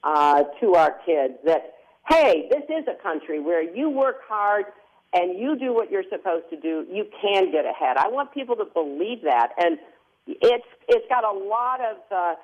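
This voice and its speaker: Older woman on a lively, muffled phone line. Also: mid-range voice. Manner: measured, chuckling, gracious. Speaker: political candidate as phone-in guest. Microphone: telephone.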